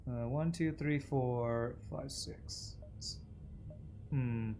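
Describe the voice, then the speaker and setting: A man's voice: mid-range voice, fairly even intonation, extremely slow, dark tone, a little hiss or hum. A man streaming a video game, chatting casually with viewers and musing aloud about voices and accents as he plays. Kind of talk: casual gaming livestream chat.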